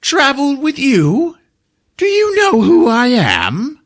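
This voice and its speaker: Man doing a shrill, pompous little wizard. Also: huge pitch swings, slow, a bit bright, heavily acted. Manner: indignant, theatrical.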